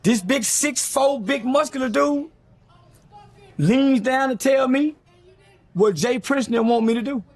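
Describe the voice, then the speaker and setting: A middle-aged man recounting a story in an interview, blunt and profane, acting out what others said. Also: extremely high pitch. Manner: blunt, profane, rapid recounting with acted-out quotes. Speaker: interview guest telling a story. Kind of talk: animated storytelling in a sit-down interview.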